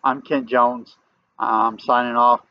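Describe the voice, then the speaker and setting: This casual vlogger speaks slowly at a medium pitch, his tone barely moving. He's from the American South and has a Southern accent, and he rambles through a story to camera, restarting often and getting emphatic. The recording is dull and lo-fi.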